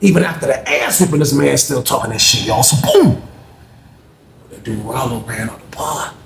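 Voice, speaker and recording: A man animatedly telling a story, acting out other people's voices in loud, high bursts. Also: animated, fast, creaky. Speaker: storyteller recounting jail events. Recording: echoey room with faint background noise.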